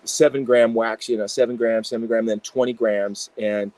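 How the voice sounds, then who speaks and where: A man, an integration psychologist, telling animated stories in a casual interview with many fillers. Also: medium pitch, normal speed, no echo, poor audio.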